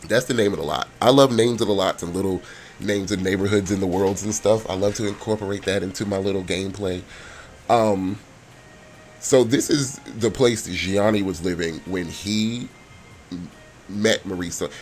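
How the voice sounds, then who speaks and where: Laid-back game storyteller, low voice, lively and chatty, soft music behind. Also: male voice, moderate pace. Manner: chatty, laughing, slangy. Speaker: gameplay storyteller. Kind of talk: casual game narration.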